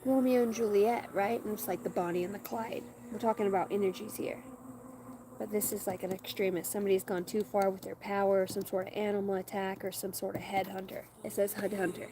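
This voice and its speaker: A woman doing a live tarot reading, rambling and thinking out loud in a middle-pitched voice. She is recording outdoors on rural land. Loud background noise and animals are heard around her. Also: little pitch movement, a little fast. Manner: rambling, talks to her dogs. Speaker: tarot reader.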